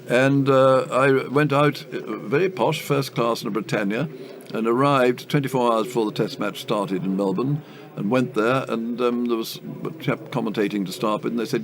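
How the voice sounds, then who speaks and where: An older Englishman with a gravelly, creaky voice tells stories as an interview guest. He hesitates with ums and uhs and chuckles his way through anecdotes, over a faint background hum. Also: medium pitch, a little fast. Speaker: cricket commentator, interview guest.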